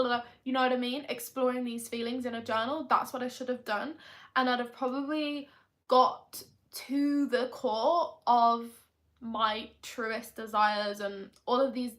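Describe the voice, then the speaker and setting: A woman's voice: on the high side, steady tone, moderate pace, fairly bright tone. A young woman talking through a confessional vlog as a manifestation coach, in a chatty, rambling way full of tag questions.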